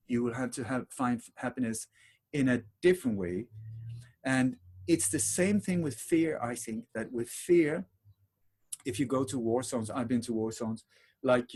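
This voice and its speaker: Rambling, animated man as podcast guest. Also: mid-range voice, breathy edge. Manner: rambling, animated storytelling with emphatic repetitions. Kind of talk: conversational interview.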